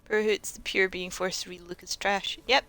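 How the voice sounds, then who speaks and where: A woman's voice: medium pitch, steady tone, moderate pace, fairly bright tone. A woman commentating casually on a video game as she plays, sarcastic and joking, with lots of swearing. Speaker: game streamer.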